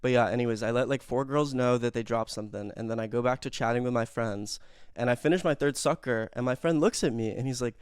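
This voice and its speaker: A man's voice: mid-range voice, a little fast, clear, resonant tone, no room sound, studio quality. A young man telling a rambling, self-mocking story in casual chat, full of fillers and swearing.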